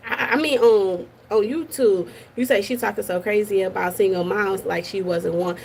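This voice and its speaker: A woman's voice: medium pitch, moderate pace, creaky, few pauses, slightly rough. A woman hosting a casual live stream from her office at work, chatty and gossipy, greeting viewers by name.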